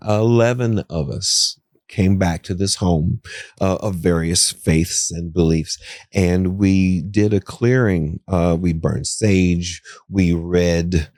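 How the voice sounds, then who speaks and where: A man with a low voice and an Appalachian accent tells a story as a podcast guest. He rambles and restarts, fills his talk with "you know", and his voice leaps up when he quotes someone. The sound is dry and close. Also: a little mellow, dry recording. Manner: voice jumps up high when quoting others. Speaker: psychic guest. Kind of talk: casual storytelling interview. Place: podcast studio.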